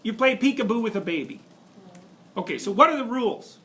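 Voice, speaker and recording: A man in his fifties giving a university lecture to students, animated, laughing often and restarting sentences as he digresses. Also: very high-pitched, brisk. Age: 50s.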